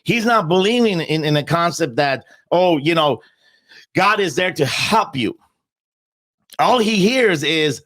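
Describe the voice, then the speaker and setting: A man's voice: a little high, lively intonation, a little slow, a bit bright, dry recording. A man in a casual podcast conversation, talking bluntly and emphatically, often repeating words as he starts a point and swearing freely.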